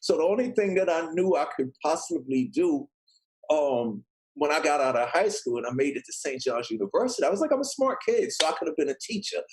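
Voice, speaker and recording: A man's voice: fairly high pitch, fairly quick, breathy edge, rough recording. A middle-aged man telling a long casual story, acting out the voices of people in it. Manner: animated, acts out quoted voices. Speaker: guest storyteller.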